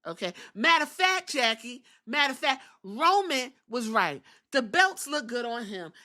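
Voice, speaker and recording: A woman's voice: on the high side, very animated, moderate pace, pushed and bright. A woman doing a sulking beaten male wrestler. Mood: sulky. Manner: sulky, profane rant. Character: male wrestler, weary and sulking after losses.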